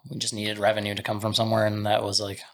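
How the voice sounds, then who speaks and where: A man's voice: fairly low pitch, completely flat delivery, rapid-fire, creaky, a bit bright. A man from Canada, a butcher and business co-owner, talking loosely as a podcast guest, with many fillers. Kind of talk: casual podcast conversation.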